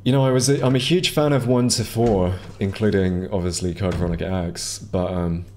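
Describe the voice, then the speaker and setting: Low-voiced man rambling over gameplay. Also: steady tone, fairly quick, warm tone, slight background noise. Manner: rambling, hesitant, many ums and restarts. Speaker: streamer. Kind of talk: casual gameplay commentary. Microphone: headset or desk mic.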